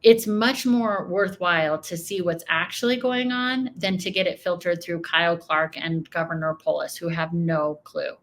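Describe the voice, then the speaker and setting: A woman's voice: on the low side, moderate pace, few pauses, fairly bright tone. An American woman giving emotional, emphatic political reaction commentary, often repeating her points. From United States. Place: home.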